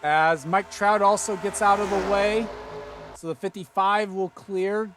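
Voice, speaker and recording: A man doing play-by-play commentary for an online sim race, getting excited and loud at the big moments. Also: measured pace, over music. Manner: excited, rises to high-pitched calls at big moments.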